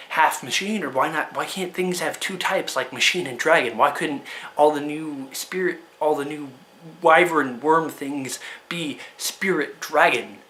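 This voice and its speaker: A man ranting to camera in a casual opinion video, firing off exasperated rhetorical questions and talking fast in bursts. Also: fairly high pitch, bright, forceful tone, a little hiss or hum. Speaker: card game video creator.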